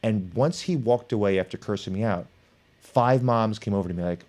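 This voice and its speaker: A man's voice: fairly low pitch, fairly quick. A middle-aged man, an author and professor, telling stories in conversation and acting out the people in them. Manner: animated, acts out quoted people in his stories. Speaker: author and professor, podcast guest. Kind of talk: storytelling in conversation.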